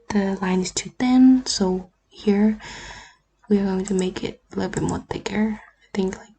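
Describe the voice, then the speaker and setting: A woman whose first language is not English, talking through a screen-recorded editing tutorial in a relaxed, often half-whispered way. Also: medium pitch, slight background noise. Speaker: YouTuber. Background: faint keyboard and mouse clicks.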